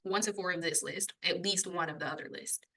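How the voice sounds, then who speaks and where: A young adult woman co-hosting a podcast, chatting casually and explaining a topic, laughing often and getting a little breathless when excited. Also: on the low side, a little fast, poor audio. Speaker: podcast co-host.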